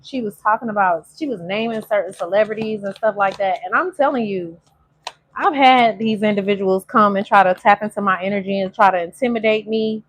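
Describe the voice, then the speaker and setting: A woman tarot reader, giving a casual, emotional spiritual reading to viewers and stretching some phrases out in a sing-song way. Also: mid-range voice. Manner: chatty, emotional, drawn-out sung phrases.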